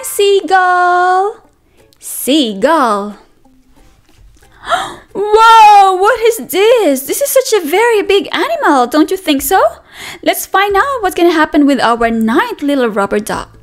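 A woman teacher reading a picture book aloud to toddlers, animated and sing-song, gasping and asking the children questions. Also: high voice.

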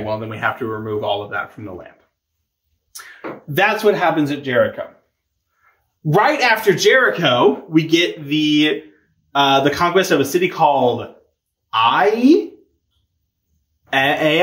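A man giving a casual catechism lecture, conversational and animated, with playful asides and acted-out quotes. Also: medium pitch. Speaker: catechism teacher. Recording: echoey room.

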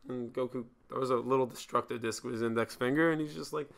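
A man's voice: mid-range voice, fast, vocal fry, hardly any pauses, a bit bright. A man casually reviewing an anime episode, joking and swearing as he rambles.

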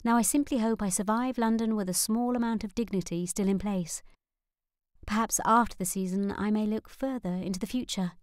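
A woman's voice: medium pitch, fairly quick, no room sound, studio quality, close to an everyday voice. A woman voicing an anxious young noblewoman. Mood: downcast. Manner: worried, earnest, rising.

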